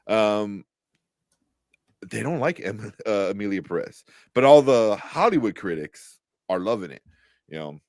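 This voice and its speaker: A man's voice: on the low side, expressive, a little slow, darkish tone, no room sound, studio quality. A man co-hosting a casual movie talk show, rambling with many fillers and restarts. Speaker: podcast co-host. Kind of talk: casual chat.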